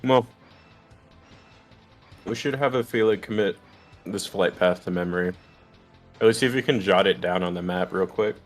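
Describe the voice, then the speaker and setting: Young male player, low voice, wry casual swearing, soft music under. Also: moderate pace, pauses often. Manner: wry, swearing, laughing along. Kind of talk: casual chat at a game table.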